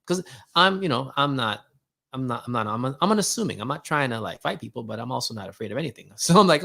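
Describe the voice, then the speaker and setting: A man hosting his own show, telling a casual spiritual story in a slangy, animated way and acting out both sides of a conversation. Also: medium pitch, fast talker. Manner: casual slangy talk, many "like" and "yo" fillers. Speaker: host.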